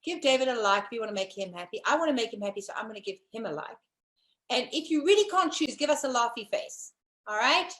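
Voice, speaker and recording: A woman's voice: fairly high pitch, lively intonation, fast, a bit bright. A woman from South Africa co-hosting a casual live-streamed talk show, chatty and teasing. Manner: chatty, teasing, addresses viewers.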